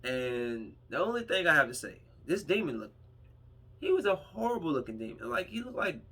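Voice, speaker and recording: A man's voice: fairly high pitch, big pitch swings, normal speed, a bit bright, husky. A man reviewing a movie on his podcast, retelling the plot in a loose, rambling way and acting out the characters' lines.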